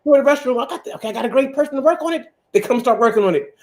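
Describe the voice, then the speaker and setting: A man hosting a casual chat, telling jokey, animated stories. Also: very high voice, racing. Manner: animated, joking storyteller. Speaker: host.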